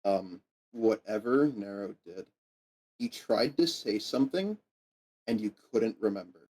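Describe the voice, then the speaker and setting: A man's voice: fairly low pitch, animated, unhurried, warm tone, low-quality recording. A man running a tabletop game as game master, narrating in a hesitant way with many fillers.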